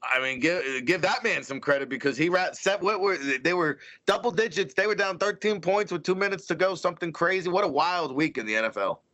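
Bright, punchy sports talk man. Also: fairly high pitch, animated, fairly quick, hardly any pauses. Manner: punchy, opinionated banter. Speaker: sports show co-host.

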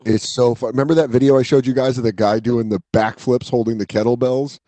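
A man's voice: medium pitch, fairly even intonation, fast, crowd noise. A man co-hosting a podcast, telling stories in casual chat, swearing freely and acting out quotes in shifting voices. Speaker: podcast co-host.

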